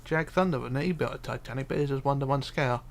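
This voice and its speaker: A man's voice: mid-range voice, fast, creaky. A man streaming live, reading viewer comments aloud and muttering to himself as he builds, with hesitant fillers. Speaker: livestreamer. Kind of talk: casual live stream chat while building.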